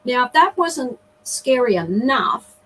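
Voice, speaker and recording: A woman's voice: a little high, sing-song, slow, a bit bright, slightly rough, poor audio. A middle-aged woman, a guest on a video call, earnestly telling a personal story with emotion and frequent restarts.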